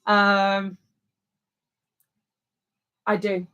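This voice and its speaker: A woman's voice: mid-range voice, completely flat delivery, extremely slow, a bit bright, smooth, highs cut off. A woman co-hosting a livestream in casual, rambling chat. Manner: chatty and rambling. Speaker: livestream co-host.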